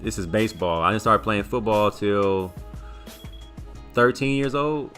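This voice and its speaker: A man with a low, bright and forceful voice, speaking as he tells a rambling story on a sports talk show. He repeats words as he goes and gets animated. Faint music plays behind him. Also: a little slow. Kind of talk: casual storytelling chat.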